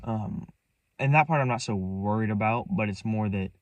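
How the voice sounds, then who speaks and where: A man's voice: on the low side, normal speed, no echo, far from the mic, muffled recording. A young man rambling through a story from his own life, restarting and repeating himself, set back from the mic. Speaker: vlogger. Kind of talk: casual storytelling.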